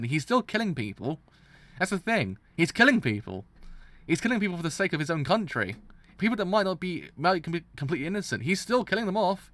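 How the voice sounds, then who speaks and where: Sounding high-pitched and dry, with no echo at all, a man vents his exasperation over a story's villain during a live reaction stream. He's animated and often starts his sentences over.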